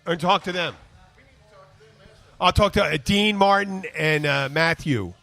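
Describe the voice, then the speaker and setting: Bright-voiced rambling American man. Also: high-pitched, unhurried, creaky, faint music behind. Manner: rambling, swears, laughs often. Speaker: podcast host. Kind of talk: casual chat.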